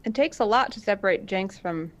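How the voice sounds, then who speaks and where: A woman playing a tabletop game, chatting quickly and teasing the others. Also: medium pitch, expressive. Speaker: player. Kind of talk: casual tabletop game chat.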